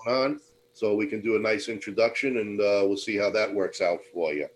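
A man's voice: lowish voice, fairly even intonation, fairly quick. A man hosting a podcast, asking questions in an easygoing, jokey way. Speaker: podcast host. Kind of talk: casual interview chat.

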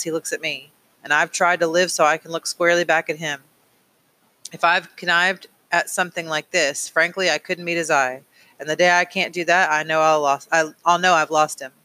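A man reading an audiobook, voicing a steady, principled middle-aged father who speaks earnestly and firmly. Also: fairly high pitch, brisk, no room sound. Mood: pleading. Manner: earnest, pleading, firm.

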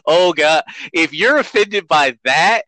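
Male podcast co-host chatting while gaming; bright, animated voice, jokey and rambling, dry close mic. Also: fairly high pitch, slow pace, no room sound, poor audio. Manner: laughs often, rambling, jokey and apologetic. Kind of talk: casual chat while playing a video game.

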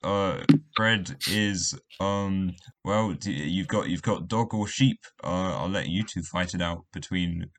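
A man's voice: deep voice, slow, hardly any pauses, fairly bright tone. A man with a posh English accent hosting an improv chat, hesitant and full of fillers and restarts. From England. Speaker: host of an improv show. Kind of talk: casual chat.

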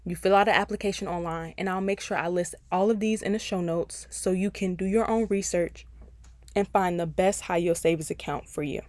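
A woman's voice: lowish voice, fairly quick, a little mellow, dry recording. A woman hosting a personal finance podcast, giving advice in a chatty, encouraging way and speaking straight to her listeners. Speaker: podcast host.

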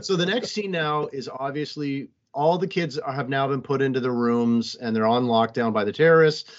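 A man's voice: medium pitch, normal speed, lo-fi sound. A man co-hosting a casual movie review podcast, joking and animatedly recapping the plot. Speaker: podcast co-host.

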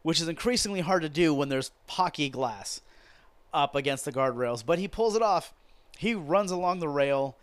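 A man's voice: on the high side, moderate pace, clean tone, dry recording. A man hosting a podcast, recapping a wrestling show as a profane, exasperated rant told like a story. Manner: exasperated, sweary, animated storytelling. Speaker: podcast host.

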